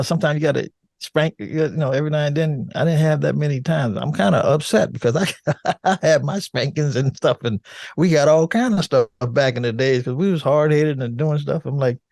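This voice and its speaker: An older man talking in a relaxed, rambling way as an interview guest, laughing now and then. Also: on the high side, vocal fry, no echo, studio quality. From United States. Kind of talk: casual chat.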